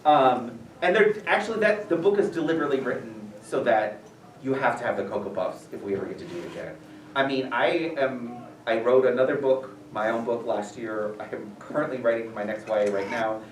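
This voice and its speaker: A man visiting a school as an author, answering questions in a rambling, animated way full of fillers. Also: medium pitch, brisk, a little hiss or hum. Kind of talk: casual Q&A talk. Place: school room, audience present. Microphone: distant from the recorder. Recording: echoey room, voice heard from far off.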